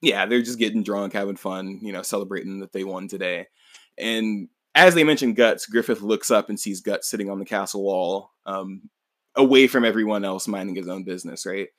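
A man's voice: lowish voice, a little fast, a bit bright, no room sound. A man hosting a podcast, casually recapping a manga in a rambling, laid-back way, swearing and laughing along. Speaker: podcast host.

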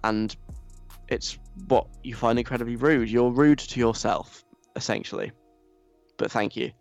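A man's voice: mid-range voice, steady tone, measured pace, vocal fry, faint music behind. A young man, reading out listener messages and answering them in a teasing, mock-stern, casual way. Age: young adult. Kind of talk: casual chat.

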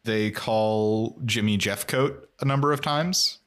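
A man's voice: lowish voice, takes it slowly, a bit bright. Chatty man recapping a TV show. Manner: chatty, laughs often, acts out scenes in silly voices. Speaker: podcast co-host. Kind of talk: casual chat recapping a TV episode.

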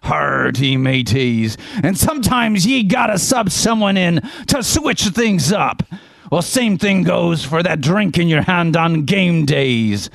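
A boisterous, jolly pirate captain, put on by a man, drawling his words and swinging his pitch up and down. His voice is gravelly and a bit high, and the sound is dry and close. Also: animated, slow, fairly bright tone, dry recording, full character voice. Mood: hammy. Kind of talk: comic ad read in character.

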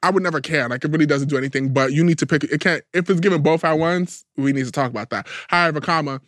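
A man's voice: fairly high pitch, quick pace, fairly bright tone, dry recording, clean studio sound. A man co-hosting a podcast in casual chat, telling stories bluntly with plenty of profanity. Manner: blunt, profane, fired-up storytelling. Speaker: podcast co-host.

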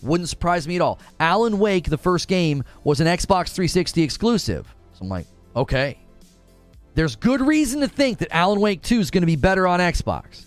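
Man, livestream host, lively swooping pitch, slightly high voice, faint music behind. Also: moderate pace. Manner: animated, acts out his own past thoughts. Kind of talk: casual livestream commentary.

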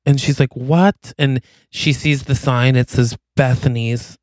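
A man's voice: medium pitch, level tone, a little slow. A man co-hosting a podcast, animatedly telling a made-up movie plot and acting out the characters' lines. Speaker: podcast co-host. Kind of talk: casual chat, pitching a made-up holiday movie plot.

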